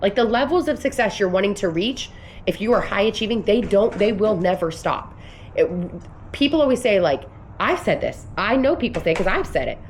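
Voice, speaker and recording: A woman's voice: medium pitch, sing-song, a little fast, slight background noise. A woman in her thirties vlogging, talking in an earnest, emphatic way that rambles with restarts as she coaches on business and belief. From United States. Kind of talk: casual motivational vlog talk.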